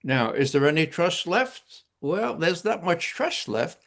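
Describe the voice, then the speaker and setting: Brief: older man, gravelly, slow and didactic talk show guest. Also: fairly high pitch, very animated, fairly bright tone. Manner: didactic, punctuates points with "okay?". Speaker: guest commentator. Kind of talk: lecturing talk show discussion.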